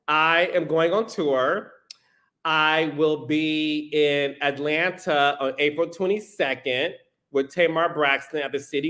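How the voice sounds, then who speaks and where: A man's voice: fairly high pitch, sharp tone. A man hosting a live stream, reading out viewer comments in a sassy, playful way and calling people honey and child. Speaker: podcast host.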